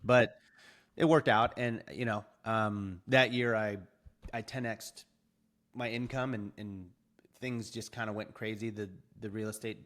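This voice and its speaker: A young adult man, a podcast guest, telling his story in an animated, casual way and acting out quoted dialogue. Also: lowish voice, a little slow.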